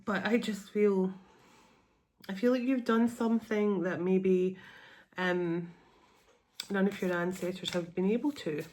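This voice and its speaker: A woman gives a heartfelt tarot reading, speaking earnestly and sounding close to tears. She lingers on key words and lets them stretch out. Her voice sits at an ordinary middle pitch. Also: fairly even intonation, measured pace, pauses often, darkish tone, slight background noise. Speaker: tarot reader. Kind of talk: spiritual tarot reading to camera.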